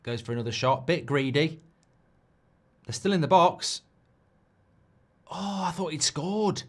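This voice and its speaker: A man hosting a live football watchalong, chatty and excitable, swearing often. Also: a little high, unhurried. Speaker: host.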